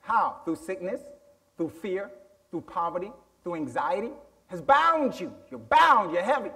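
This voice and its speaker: A man's voice: sits high, big pitch swings, measured pace, sharp tone. A man pastor preaching a sermon to his church, using call-and-response questions and emphatic rising delivery.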